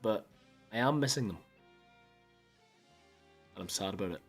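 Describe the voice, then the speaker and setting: Young male streamer, casual and theatrical, swings his pitch all over while chatting to viewers. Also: moderate pace, long pauses, soft background music. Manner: animated, mock-mopey, chatting with viewers. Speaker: game streamer. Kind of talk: casual live-stream chat.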